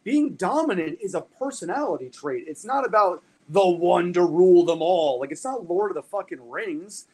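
Animated, profane man explaining dog behavior. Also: sits high, normal speed, few pauses, rough recording. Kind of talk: casual podcast chat.

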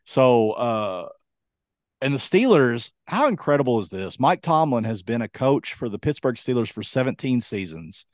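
A man's voice: medium pitch, big pitch swings, moderate pace, no room sound, studio quality. Hesitant man chatting on a podcast. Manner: rambling, hesitant with many ums. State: voice going hoarse. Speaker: podcast co-host. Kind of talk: casual sports chat.

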